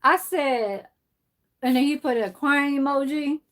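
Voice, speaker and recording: A woman's voice: high voice, unhurried. Woman ranting casually on a live stream. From San Francisco, USA. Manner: swears freely, rambling storytelling. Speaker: livestream host. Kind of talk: casual livestream chat.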